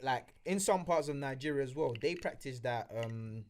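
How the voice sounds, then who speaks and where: A man's voice: medium pitch, expressive, normal speed. A young man in a casual podcast chat, speaking hesitantly and carefully with frequent restarts.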